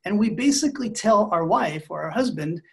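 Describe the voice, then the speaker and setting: A middle-aged man answers interview questions as a relationship expert, in an even, measured and thoughtful way. His voice sits somewhat high for a man. The tone stays calm throughout. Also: creaky. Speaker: marriage expert guest. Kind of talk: podcast interview.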